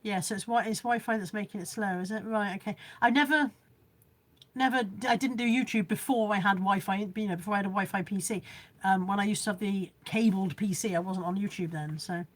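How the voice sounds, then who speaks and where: Live from home, a woman goes through her viewers' comments, rambling chattily and joking that she barely understands technology. She speaks fairly quickly at a medium pitch.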